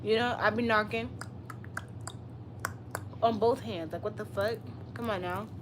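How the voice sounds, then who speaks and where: A woman's voice: mid-range voice, steady tone, measured pace, background noise. A woman in her twenties chatting casually on a live stream, answering viewers with blunt, profane, sassy comebacks. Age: 20s. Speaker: livestreamer.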